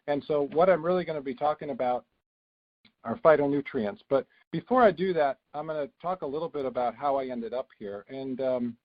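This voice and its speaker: A man speaking as a guest doctor on a phone call, talking in a relaxed, chatty way with many fillers. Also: medium pitch. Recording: dull phone line.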